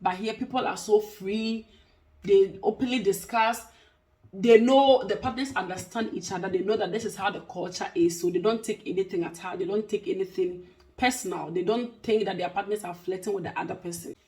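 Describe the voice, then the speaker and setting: A woman's voice: medium pitch, steady tone, brisk, darkish tone. A woman talks casually to camera in a mid-range voice. She is emphatic and restates each point to drive it home. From Africa. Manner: emphatic, repeats points for stress. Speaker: vlogger and care worker.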